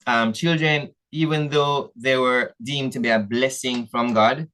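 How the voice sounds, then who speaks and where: Jamaican man, church elder, mid-pitched voice, earnest sermon, halting restarts. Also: steady tone, sharp tone, clear, resonant tone, rough recording. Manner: earnest, addresses listeners as family, frequent restarts. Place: church meeting hall.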